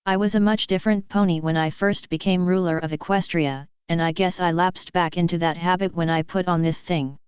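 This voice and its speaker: A regal pony princess with a warrior's past, formal and commanding in a storybook tale, as a woman reader puts her on. The voice sits on the low side, very smooth and clear. The recording is dry and dull, with a lo-fi muffle. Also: fairly even intonation, fairly quick, few pauses, no room sound, close to an everyday voice. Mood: gentle.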